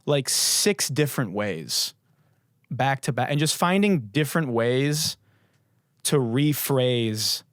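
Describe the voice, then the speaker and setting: A hoarse young man talks through a solo podcast episode, his voice worn down but still swinging up and down with lots of expression. He rambles and swears freely in a jokey, casual way. The sound is dry and close, with no room around it. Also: medium pitch, lively intonation, takes it slowly, dry recording. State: hoarse, voice mostly gone. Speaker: podcast host.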